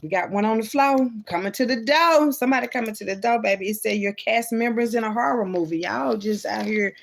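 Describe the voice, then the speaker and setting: A woman's voice: fairly high pitch, a little fast, creaky. A woman vlogger in a loose, profane, rambling monologue about faith, talking straight to her viewers. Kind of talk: casual rambling spiritual monologue.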